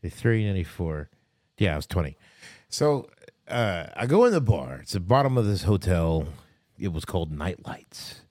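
A middle-aged man hosting a podcast, telling a story in a lively, animated way. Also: deep voice, normal speed, no room sound, clean studio sound.

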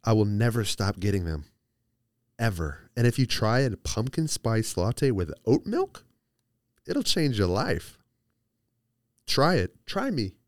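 A man's voice: on the low side, sing-song, takes it slowly, pauses often, no echo, studio quality. A young man hosting a solo podcast, chatting casually and rambling playfully with lots of restarts. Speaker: podcast host.

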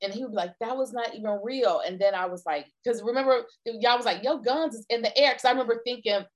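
A woman's voice: a little high, fast. A woman co-hosting a casual faith talk, earnestly sharing a personal story and affirming her partner by echoing her phrases. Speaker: podcast co-host.

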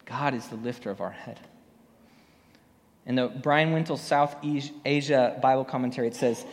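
A man's voice: medium pitch, normal speed. A man preaching a sermon as pastor, talking in a loose, conversational way full of ums and personal stories. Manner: conversational storytelling with many fillers. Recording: long hall reverb.

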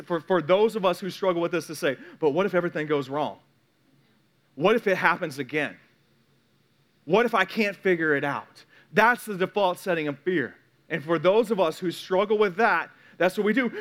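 A pastor delivers a sermon in a high, light voice. He talks to the congregation candidly and conversationally, often stumbling into quick repeated restarts before landing his point. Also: fairly bright tone.

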